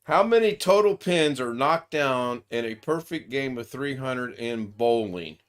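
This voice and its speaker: A man's voice: medium pitch, expressive, unhurried. Chatty man hosting a livestream quiz. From United States. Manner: chatty, laughs often, reads viewer comments aloud. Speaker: livestream host. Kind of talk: casual chat on a live video call. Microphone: desk microphone.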